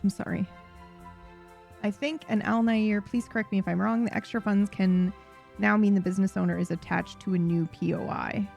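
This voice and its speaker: Rambling woman streamer, gravelly voice. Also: medium pitch, fairly even intonation, normal speed, darkish tone, faint music behind. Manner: rambling, self-correcting, loose and profane. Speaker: stream host. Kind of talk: casual live-stream chat.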